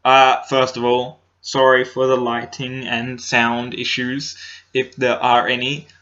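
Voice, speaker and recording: A young man talks straight to his laptop camera in a hesitant, halting way, full of ums and restarts. His voice is bright and tense. The laptop's built-in microphone makes the sound dull and lo-fi. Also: medium pitch, monotone. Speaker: comedy vlogger. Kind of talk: casual talk to camera. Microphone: laptop built-in mic.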